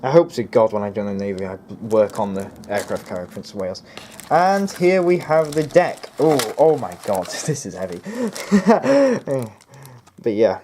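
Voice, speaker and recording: A man's voice: fairly low pitch, mellow, a little hiss or hum. A young man giving a casual unboxing review of a model kit, rambling, hesitant and often correcting himself. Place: home near a road.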